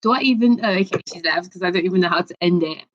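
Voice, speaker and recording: A woman's voice: fairly low pitch, very fast, fairly bright tone, muffled recording. A woman hosting a casual live stream chat, bubbly and affectionate, calling callers darling and laughing often. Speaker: live stream host taking calls.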